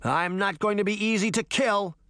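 A man's voice: sits high, moderate pace, pushed and bright, smooth, no room sound, clean studio sound, pitched above the performer's own voice. Man doing a scared but defiant young girl. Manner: urgent, pleading.

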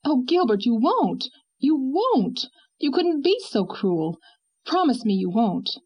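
Woman reading fiery young wife, pleading, slightly husky. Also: on the high side, very animated, moderate pace, muffled recording, pitched above the performer's own voice. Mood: vehement. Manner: vehement, pleading. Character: spirited young wife, passionate and protective.

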